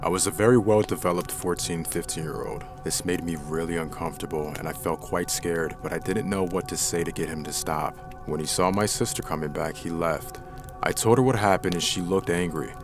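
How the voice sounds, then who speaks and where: A man's voice: low-pitched, fairly quick, over music. A man narrating true scary stories in the first person, reading them dramatically. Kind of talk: scripted horror story narration.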